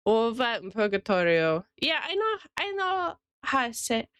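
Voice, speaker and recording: A woman's voice: on the high side, sing-song, a little slow, fairly bright tone, clean tone, no echo. A woman streamer and illustrator chatting casually with her live viewers, rambling and greeting them by name.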